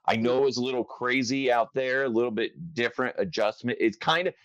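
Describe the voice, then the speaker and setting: Jokey podcast host, dry muffled sound. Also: male voice, fairly low pitch, clean tone, dry recording. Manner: jokey, quick, animated. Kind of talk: casual interview chat.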